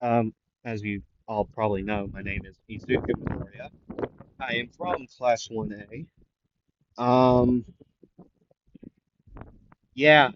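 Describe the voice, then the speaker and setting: A shy, nervous teenage boy who speaks slowly and haltingly, with plenty of pauses and fillers, as a man puts him on. The recording is dull and lo-fi with a faint hiss. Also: medium pitch, fairly even intonation, close to an everyday voice. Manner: hesitant, halting, many fillers.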